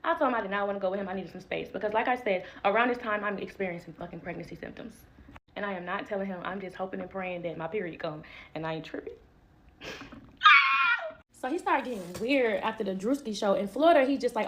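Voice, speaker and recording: A young woman telling a casual storytime, emphatic and slangy, acting out what others said and laughing often. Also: medium pitch. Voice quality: animated, emphatic, quick to laugh. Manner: slangy and expressive, acting out quoted lines.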